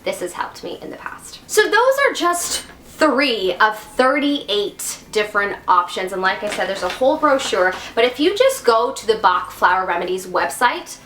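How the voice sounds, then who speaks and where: A woman's voice: medium pitch, big pitch swings, normal speed, fairly bright tone, a little hiss or hum. A young woman hosting a casual wellness vlog, chatty and giggly as she talks to her viewers. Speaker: YouTube wellness host. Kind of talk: casual talk to camera. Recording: echoey room.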